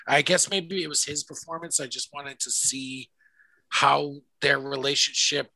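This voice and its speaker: A man co-hosting a podcast, giving his opinion on a film in a hesitant, halting way with lots of fillers. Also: medium pitch, fairly even intonation, vocal fry, pushed and bright, no room sound, rough recording. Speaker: podcast co-host. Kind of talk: casual movie chat.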